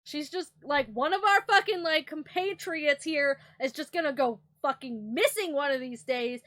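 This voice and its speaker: Young woman streamer, high and swingy, excitable and profane, reads game text aloud. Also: moderate pace, few pauses. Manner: excitable, profane, mock-indignant. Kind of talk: casual gameplay commentary, reading game text aloud.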